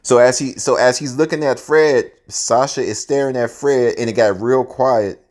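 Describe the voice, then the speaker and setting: A man telling a story in a casual, animated, profane way, often laughing as he goes. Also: medium pitch, moderate pace.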